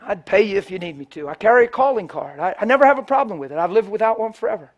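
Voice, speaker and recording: High-voiced man preaching, loud to hushed. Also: expressive, very fast, muffled recording. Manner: swings from loud preaching to hushed, near-whispered storytelling; acts out the people in his stories in quoted voices. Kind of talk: storytelling sermon.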